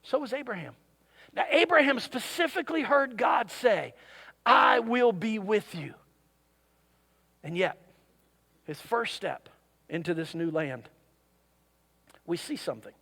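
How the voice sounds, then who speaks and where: High-voiced man preaching, animated. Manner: animated, jokey asides to the congregation. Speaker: pastor. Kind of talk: sermon. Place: church service.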